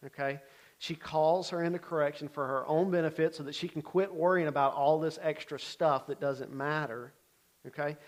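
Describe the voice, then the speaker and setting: A man with a somewhat high voice teaches a sermon in a relaxed, conversational way. He keeps checking in with his listeners, and his delivery swings between loud, emphatic bursts and quiet asides. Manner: conversational, checks in with frequent "okay?". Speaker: Bible teacher.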